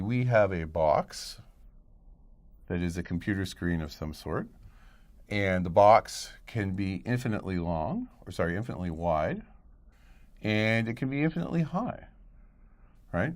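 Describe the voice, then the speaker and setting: A man's voice: lowish voice, big pitch swings, normal speed. A middle-aged male professor giving a recorded lecture in a conversational way, thinking aloud and checking in with "right?". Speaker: college professor.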